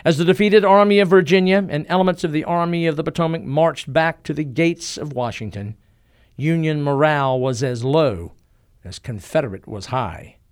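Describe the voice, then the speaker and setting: A man narrating a scripted history story in a dramatic storytelling manner, slowing and dropping his voice for emphasis. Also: on the high side, smooth, no room sound, studio quality.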